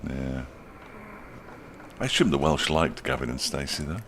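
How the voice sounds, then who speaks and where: Very deep-voiced wry cricket commentator man. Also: expressive, moderate pace, a bit bright, a little hiss or hum. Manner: dry, wry asides between deliveries. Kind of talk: radio ball-by-ball commentary.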